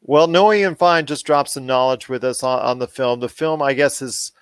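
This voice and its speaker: A man chatting casually on a pop culture podcast, at a middle pitch, with a dry, close sound. He rambles and restarts his sentences, and his voice climbs when he gets puzzled. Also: normal speed, clear, resonant tone, no room sound. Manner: rambling, self-correcting, gets heated and higher when puzzled. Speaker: podcast co-host.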